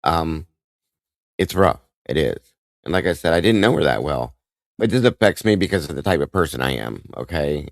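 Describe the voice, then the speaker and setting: A man hosting a live stream, speaking in an emotional, halting way with many restarts and greeting viewers by name. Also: extremely low pitch, lively intonation, vocal fry, no room sound. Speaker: livestream host.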